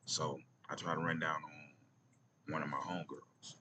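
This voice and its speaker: Brief: deep Atlanta man vlogging, loose slang, slips into near-whispers, noise behind him. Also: level tone, normal speed. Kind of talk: casual storytelling vlog.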